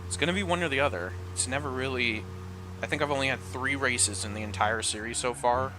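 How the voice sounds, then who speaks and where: A man's voice: mid-range voice, brisk, noisy background. A man casually commenting while playing a racing game, rambling through asides. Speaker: gameplay commentator. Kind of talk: casual let's-play commentary. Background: car engine sounds from the game.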